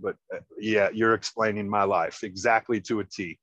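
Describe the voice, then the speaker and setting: A man's voice: fairly low pitch, steady tone, fairly bright tone, no echo, muffled recording. Tearful man telling a story in casual speech. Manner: casual, profane, halting with repeated restarts. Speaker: guest. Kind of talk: emotional personal storytelling.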